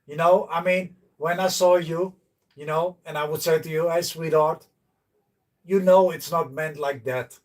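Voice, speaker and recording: A man's voice: a little high, steady tone, moderate pace, recorded from a distance. A man chatting to viewers on a casual livestream, blunt and joking, swearing freely. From Netherlands. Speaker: livestreaming host. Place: outdoors by a canal.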